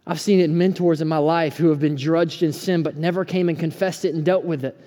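Pastor in his thirties, earnest sermon delivery, slightly high pitch, warm and dark tone, reverberant sanctuary. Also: fairly even intonation, fairly quick. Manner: earnest, swings between hushed and fired-up. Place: church sanctuary. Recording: preaching in a hall with long reverb.

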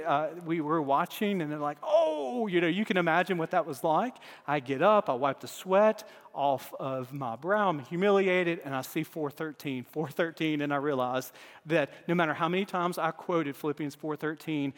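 A man's voice: sits high, in a large hall. A man preaching a sermon as pastor, earnest, with key phrases repeated for emphasis.

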